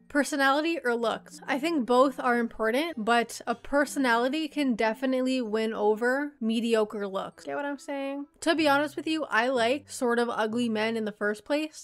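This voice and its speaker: Blunt, foul-mouthed young woman YouTuber. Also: fairly high pitch. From Canada. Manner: blunt, profane and joking. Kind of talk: casual Q&A answering viewer questions.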